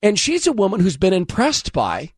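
A man's voice: high-pitched, wildly swooping pitch, normal speed, breathy edge, no room sound. Mocking male host, dry close sound. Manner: mocking, scornful. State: hoarse, losing his voice. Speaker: political commentary host. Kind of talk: sarcastic scripted commentary.

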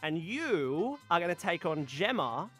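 A woman's voice: fairly low pitch, big pitch swings, a little slow, a bit bright. An Australian woman hosting a radio show, bubbly and giggly, chatting emphatically with a guest over a faint music bed. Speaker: radio host. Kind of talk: upbeat radio chat.

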